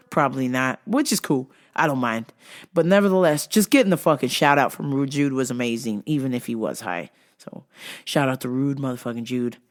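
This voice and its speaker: A woman podcast host telling a profane, animated story in casual talk. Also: extremely low pitch.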